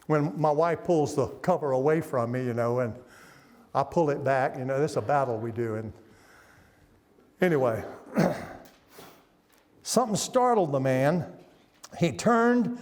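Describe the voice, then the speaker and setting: A middle-aged guest preacher with a fairly high, slightly mellow voice delivers a revival sermon in a church sanctuary, animated but a little slow and pausing often. He tells the story folksily and puts questions to the congregation, with long hall reverb on the recording.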